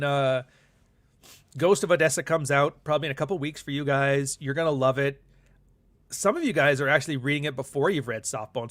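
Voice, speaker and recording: A man's voice: medium pitch, fairly bright tone. A man hosting his own podcast, talking in a rambling, candid, casual monologue and swearing freely. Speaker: podcast host and author.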